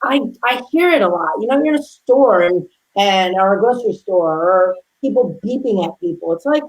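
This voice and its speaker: Woman chef guest, mid-pitched, animated anecdotes with acted-out quotes, easy conversational delivery. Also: a little fast, poor audio. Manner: lively storyteller who acts out quotes. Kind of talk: casual interview chat.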